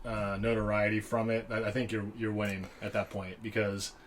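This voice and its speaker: A man's voice: fairly low pitch, level tone, brisk. A man co-hosting a podcast in easygoing casual chat, often trailing off into fillers and repeated words. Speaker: podcast co-host.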